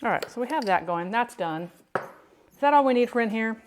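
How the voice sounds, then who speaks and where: A woman's voice: a little high, expressive, normal speed, slight background noise. Chatty woman rambling while cooking. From United States. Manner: chatty, rambling, self-interrupting. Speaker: home cook and streamer. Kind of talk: casual cooking chat.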